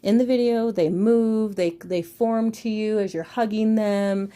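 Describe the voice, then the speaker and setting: A woman's voice: medium pitch, fairly even intonation, measured pace, mellow. A woman in her thirties hosting a podcast, talking frankly and rambling in casual chat, with frequent swearing. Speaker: podcast host.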